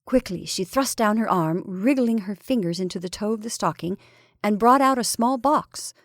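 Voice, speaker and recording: A woman narrates a classic short story in a measured, careful reading voice, now and then sinking to a whisper on a phrase. Her pitch sits mid-range and the recording is dry and close. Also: no echo.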